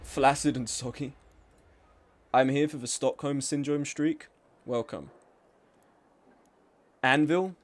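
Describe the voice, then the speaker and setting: A man's voice: mid-range voice, steady tone, slow pace, long pauses. A man live-streaming a game, chatting casually with his chat in a sweary, self-deprecating way.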